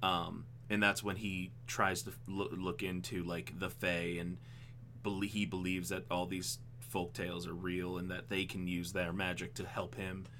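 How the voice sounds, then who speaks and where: A man co-hosting a casual podcast, talking animatedly about a film adaptation, with frequent ums and quick laughs. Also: low-pitched, level tone, pushed and bright, a little hiss or hum. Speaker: podcast co-host.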